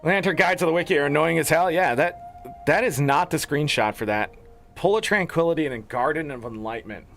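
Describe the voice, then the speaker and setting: A man's voice: on the high side, brisk, gravelly, a bit bright, faint music behind. A young man streaming a video game, swearing and ranting in an exasperated way while he plays. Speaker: gaming streamer. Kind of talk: casual gameplay commentary.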